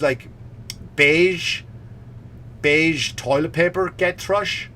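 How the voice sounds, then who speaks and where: A man's voice: a little high, drawn-out words, pauses often, pushed and bright, slight background noise. A male comedian hosting his podcast, ranting with sarcastic, mock-serious asides. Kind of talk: comedic rant.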